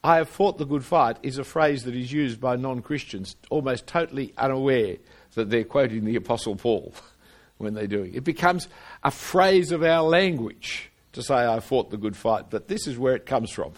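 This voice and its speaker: A man's voice: medium pitch, lively intonation, moderate pace. Earnest male preacher explaining scripture. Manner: earnest expository preaching, reading scripture aloud; repeats words and restarts phrases. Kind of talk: sermon.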